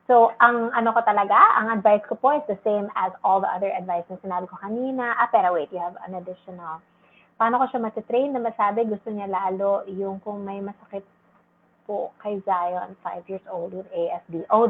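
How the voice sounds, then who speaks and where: A Filipino woman speech therapist answering parents on a livestream, gently explaining and mixing languages, sometimes acting out a parent's lines in a high exaggerated voice. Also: fairly even intonation, brisk. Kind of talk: livestream Q&A advice. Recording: tinny phone-like livestream audio.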